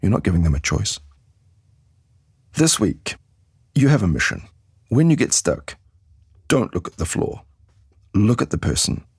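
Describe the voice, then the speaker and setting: A man with a very low, gravelly voice teaches English in a podcast lesson. He speaks with a husky edge and acts out example phrases to demonstrate intonation. The recording is dry and close. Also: sing-song, a little slow, long pauses, no echo.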